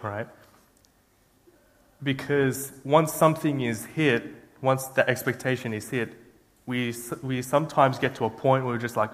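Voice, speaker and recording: A young man preaching in a church hall, his voice at an ordinary middle pitch. He talks in a loose, chatty, self-deprecating way, full of "um"s and restarts. A long hall reverb trails after each phrase. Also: steady tone, unhurried. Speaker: guest preacher. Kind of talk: informal sermon with storytelling.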